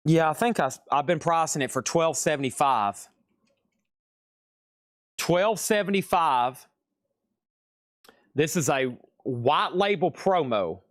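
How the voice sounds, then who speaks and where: Slow and full of pauses, the expressive, slightly high voice belongs to a live-stream record seller with a Southern US accent. He rambles through his casual sales chatter, often correcting himself, in clean studio sound with no echo.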